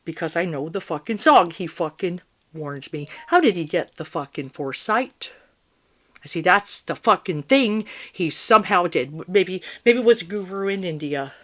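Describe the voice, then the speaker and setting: A woman's voice: on the low side, expressive, moderate pace, fairly bright tone. A middle-aged woman, a psychic, in an agitated, swearing and repetitive monologue to her viewers.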